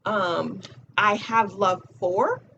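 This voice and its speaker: A woman's voice: mid-range voice, very slow, pushed and bright, dull audio, a little hiss or hum. A woman giving a casual motivational talk as a spiritual coach, blunt and profane, repeating her key phrases.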